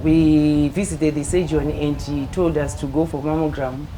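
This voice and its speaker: A middle-aged woman calmly telling her personal story as an interview guest. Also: low voice, normal speed, faint music behind, low-quality recording. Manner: calm, matter-of-fact, acts out quoted dialogue.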